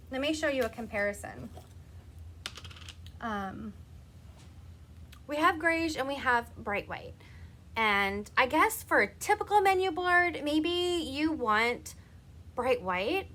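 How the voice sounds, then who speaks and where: A woman in her thirties, with a high, sharp-toned voice, chats through a live craft demonstration as she works. She laughs often and talks to her viewers by name.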